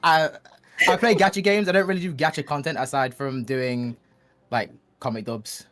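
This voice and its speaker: A man's voice: on the high side, steady tone, moderate pace, a bit bright. A British man, a guest on a gaming podcast, chatting casually with hesitant, self-deprecating humor. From Britain. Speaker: guest, VTuber and comic dubber.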